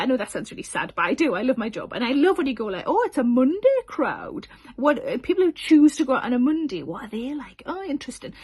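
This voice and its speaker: A woman in her forties chatting casually to camera about her tour dates, giggly and full of self-deprecating asides. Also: high-pitched. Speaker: comedian announcing tour dates.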